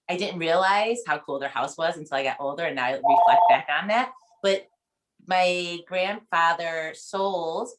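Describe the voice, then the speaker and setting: A woman in her forties talks on a video call, her voice sitting a little low for a woman. She rambles and restarts, often getting choked up as she shares a personal memory with her book club. The tone is casual and heartfelt. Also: a bit bright. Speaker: book club member leading discussion.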